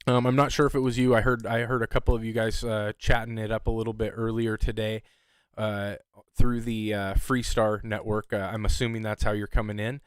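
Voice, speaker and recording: A man hosting an amateur radio net in easygoing casual chat, chuckling often and filling pauses with ums and uhs. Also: on the low side, flat delivery, clear, resonant tone, dry recording.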